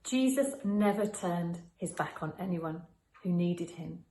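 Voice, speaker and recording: A woman calmly explaining an idea to primary school children. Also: on the low side, slow pace, a little hiss or hum. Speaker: school assembly presenter. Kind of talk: calm explanatory narration. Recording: echoey room.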